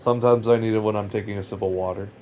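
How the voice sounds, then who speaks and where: A young man from California with a lowish voice rambles through casual game chat, tripping over his words and poking fun at himself. The sound is a little dull and lo-fi, with a faint hiss behind it. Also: very fast. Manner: rambling, self-mocking, stammers when excited. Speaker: Minecraft player.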